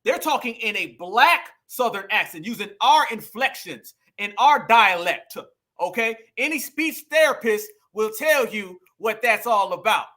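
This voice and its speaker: A man in talks straight to his audience like a preacher, calling them family. His voice sits high and rings bright. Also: expressive, a little slow. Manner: preachy, addresses viewers as family and y'all. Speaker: political commentary host. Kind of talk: casual political commentary.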